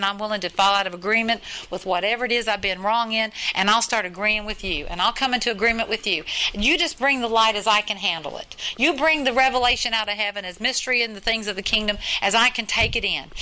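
Bright-voiced woman preaching earnestly. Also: a little high, poor audio. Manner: earnest, repetitive, emphatic. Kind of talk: sermon.

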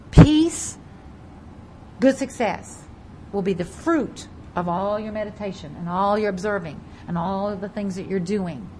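A woman preaching a sermon, reading scripture aloud and stressing key words over and over, her loudness rising and falling. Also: mid-range voice, slight background noise, poor audio. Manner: emphatic, repeats key words, varies loudness widely; reads scripture aloud in King James wording. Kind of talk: Bible teaching sermon.

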